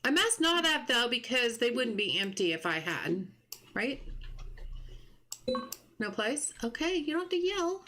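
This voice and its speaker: Bright, lively-voiced woman streaming a game. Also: fairly high pitch, slight background noise. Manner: chatty, muses aloud and greets viewers from chat. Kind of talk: casual live gameplay chatter.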